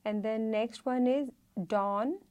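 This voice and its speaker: A woman teaching a Hindi reading lesson, saying each word slowly and repeating it. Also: a little high, darkish tone. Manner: slow, careful, repeats each word twice. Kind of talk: slow spoken lesson, repeating words.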